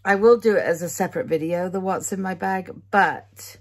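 A British vlogger with a fairly low voice chats casually at home at a normal pace in her day-in-the-life vlog. She rambles and often laughs at herself.

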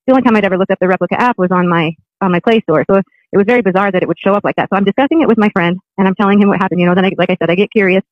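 Rambling storyteller: man, quick delivery, dry and close. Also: high-pitched, no room sound, muffled recording. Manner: rambling, with many restarts. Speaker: guest recounting a personal experience. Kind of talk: casual storytelling.

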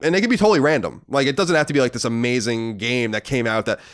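A man hosting a podcast in casual chat, reading out listener letters with wry, wordy asides. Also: medium pitch. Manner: fast, animated, wordy and wry. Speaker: podcast host.

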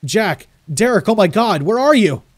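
A man's voice: sits high, very animated, normal speed, dry recording, clean studio sound, voice pushed up. A man doing a frantic young man crying out. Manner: frantic, pleading cries. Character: panicked young man calling for lost friends.

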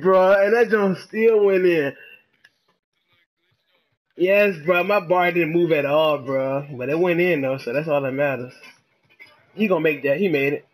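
A man giving excitable, trash-talking commentary while he plays a game, dropping to low mutters and then bursting into shouts. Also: moderate pace, long pauses. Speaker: gamer. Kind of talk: live gameplay commentary.

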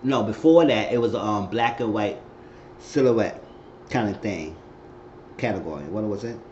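A man casually recapping a TV episode, acting out the characters' lines with sudden high squeals. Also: normal speed, slight background noise. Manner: animated retelling, acting out quotes with high squeals. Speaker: recap host. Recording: echoey room, dull lo-fi sound.

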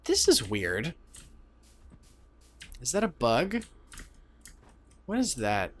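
A man giving rambling, excitable commentary as he plays a video game. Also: mid-range voice, extremely slow, a little hiss or hum. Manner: rambling, self-interrupting, excitable. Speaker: let's play host. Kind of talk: casual gameplay commentary. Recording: game music playing behind.

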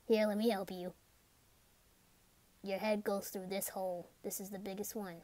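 A woman in a whispered role-play, speaking softly and hesitantly, often in a whisper. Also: mid-range voice, little pitch movement, a little slow, long pauses, no echo. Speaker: ASMR role-play performer.

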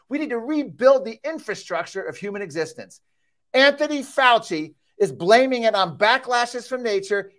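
A man giving a heated, sarcastic keynote speech at a conference, reading out quotes and getting worked up. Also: high-pitched. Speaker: keynote speaker. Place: conference hall.

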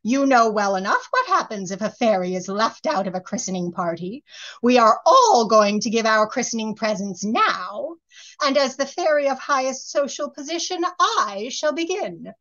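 A woman's voice: fairly high pitch, very animated, normal speed, a bit bright. A woman voicing the oldest and most wicked fairy, who talks in a scolding, imperious way, on a slightly muffled recording.

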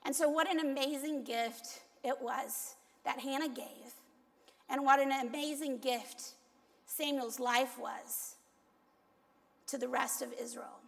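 A woman's voice: sits high, fairly even intonation, slow pace, creaky. A woman pastor giving a conversational sermon, telling candid, self-deprecating stories. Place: church sanctuary. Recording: long echo of a large church hall.

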